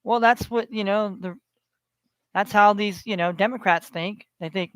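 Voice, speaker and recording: A man's voice: high-pitched, steady tone, normal speed, smooth, no echo. A man delivering a heated, profane rant to his online audience, repeating himself as he builds his tirade. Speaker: online ranter.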